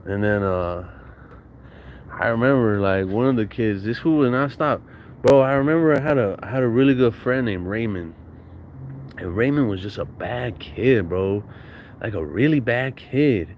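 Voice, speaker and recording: A man's voice: fairly low pitch, lively intonation, normal speed, highs cut off, slight background noise. A man from Southern California tells stories from his childhood in casual, slangy, profane talk and laughs often. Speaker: podcast guest storyteller. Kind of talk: casual storytelling.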